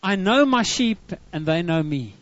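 High-pitched guy preaching, earnest, stumbles n repeats words, dry dull sound. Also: lively intonation, unhurried, fairly bright tone, no echo. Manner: earnest, repeats words when starting lines. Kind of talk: sermon. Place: church service.

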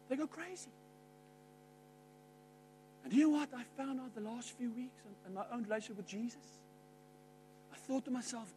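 A middle-aged man preaching a sermon, emphatic, jumping from loud outbursts to quiet asides. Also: extremely high pitch, moderate pace, long pauses, slightly rough. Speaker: pastor.

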